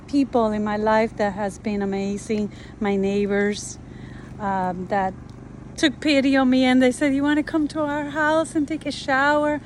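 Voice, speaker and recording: A woman's voice: mid-range voice, a little hiss or hum, low-quality recording. A woman speaking casually to camera at her wooded building site, with many fillers and restarts. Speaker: tiny house builder. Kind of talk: casual vlog talk to camera.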